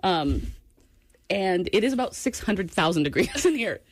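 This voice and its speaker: A woman's voice: medium pitch, big pitch swings, moderate pace, dry recording. A woman hosting a radio show, laughing often and bantering playfully after a few drinks. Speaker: radio host.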